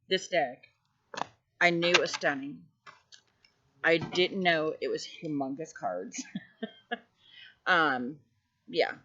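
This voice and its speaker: A woman casually showing off her tarot decks, gushing with effusive praise and sometimes dropping to a hushed voice. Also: deep voice, very slow, pauses often, dull audio. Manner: drops to a hushed voice at times. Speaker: tarot deck reviewer. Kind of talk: casual show-and-tell vlog.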